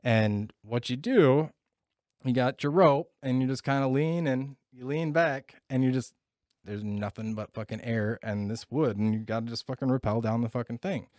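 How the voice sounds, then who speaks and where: A man telling a story in casual chat, swearing all the way through and getting animated as it goes. His pitch sits in the middle. He is recorded dry and close, with no room sound. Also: normal speed, no room sound.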